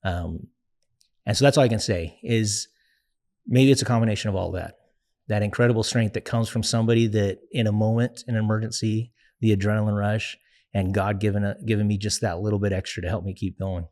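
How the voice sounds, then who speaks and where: A young man speaks as an interview guest in a lowish, steady voice. He talks in an earnest, reflective way, pausing often and filling gaps with fillers as he tells his story.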